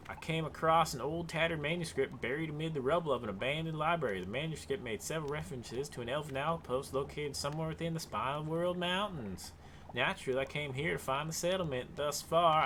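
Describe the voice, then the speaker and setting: A man's voice: fairly high pitch, fairly bright tone, slight background noise, pitched above the performer's own voice. A man voicing an aloof, reclusive old male wizard in a put-on Southern drawl for a video game let's play. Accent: put-on American Southern.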